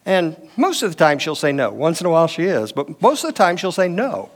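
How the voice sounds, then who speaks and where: A man's voice: a little high, very animated, brisk. Conversational man teaching a marriage class. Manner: conversational, uses personal anecdotes and quoted dialogue. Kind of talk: teaching session with audience questions.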